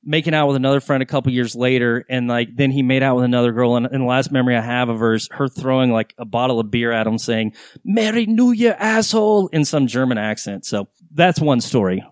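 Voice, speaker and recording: A man's voice: medium pitch, fairly even intonation, fast, hardly any pauses, clean tone, dry recording. A man hosting a podcast, telling long candid stories in casual chat, with some swearing. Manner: rambling, candid storyteller with swearing. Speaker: podcast host.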